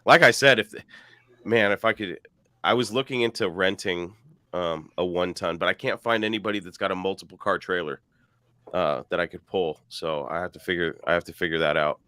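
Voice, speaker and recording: A man's voice: sits low, brisk, bright, forceful tone, no echo. A man hosting a casual livestream chat, joking and laughing often. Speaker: livestream host.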